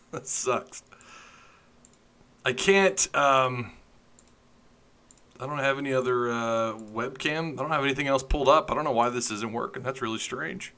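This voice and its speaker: Guy hosting a sports stream, bright sharp voice, jokey and rambling while he fixes his cam. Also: medium pitch, unhurried, pauses often. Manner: joking, chatty, flustered by tech trouble. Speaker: sports podcast host. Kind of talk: casual livestream chat.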